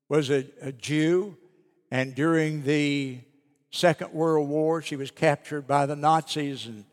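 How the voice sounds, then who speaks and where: A pastor delivers an emphatic sermon in a slightly high male voice, repeating key lines slowly and letting them fall soft. The sanctuary gives his words a long, ringing reverb. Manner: emphatic preaching, slowing and dropping soft on key phrases. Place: church sanctuary. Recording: long reverb of a church hall.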